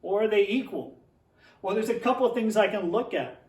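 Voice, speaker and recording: A man's voice: high voice, brisk, a little mellow, roomy sound, far from the mic. A man teaching young children, playfully reading a tongue-twister picture book aloud and then explaining a math lesson at a board.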